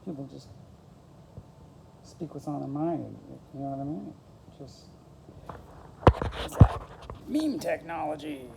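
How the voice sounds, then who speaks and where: This woman vlogger's low-pitched voice is sing-song and creaky, a little slow, with long pauses. She rambles casually to her camera, wandering from thought to thought full of "like" and "you know," over heavy background noise.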